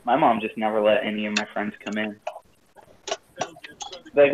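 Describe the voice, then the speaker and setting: A man's voice: fairly low pitch, moderate pace, highs cut off, a crowd in the background. A man joining a casual online chat who laughs and teases the others. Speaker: lobby participant.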